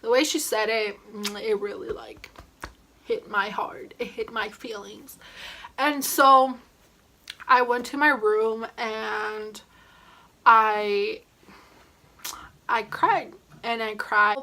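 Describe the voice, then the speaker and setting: Bright-voiced young woman telling a story. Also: on the high side, takes it slowly, long pauses. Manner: animated, slangy, drops to whispers. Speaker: vlogger. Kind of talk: storytime vlog.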